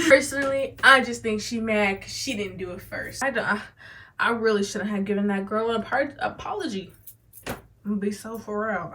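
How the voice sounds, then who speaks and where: A woman's voice: fairly high pitch, slight background noise. A teenage girl telling a storytime vlog to her phone camera, talking animatedly, swearing, stuttering now and then and acting out what others said. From United States. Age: teens. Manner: animated, swearing, acts out quoted lines. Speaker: vlogger.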